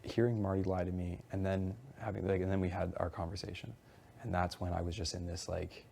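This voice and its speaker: A man's voice: deep voice, flat delivery, fairly quick, creaky, a little mellow, a little hiss or hum. A young man in casual conversation, retelling events in a rambling, heated way, quoting others and swearing often. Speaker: reality show houseguest.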